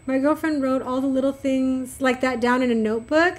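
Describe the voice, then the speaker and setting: There's a little hiss or hum in this clip of a middle-aged woman streaming a game. Her voice sits high and runs fairly quickly with few pauses, as she chats animatedly and warmly with viewers.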